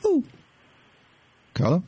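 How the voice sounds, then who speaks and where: A man's voice: slow pace, mellow. A man co-hosting a radio show, cracking sarcastic jokes with a caller. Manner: wisecracking, sarcastic. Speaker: radio co-host. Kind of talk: morning radio banter.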